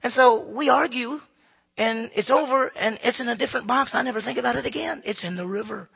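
A man gives a folksy, humorous talk to a live audience. His voice is high and bright, with a gravelly, husky edge. He keeps the crowd involved by asking them questions. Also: a little fast. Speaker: speaker addressing an audience.

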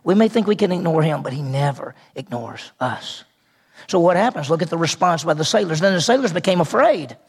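A man's voice: fairly high pitch, expressive, brisk, slightly rough. A man preaching a sermon, retelling a scripture story with acted-out voices and rhetorical questions. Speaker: pastor.

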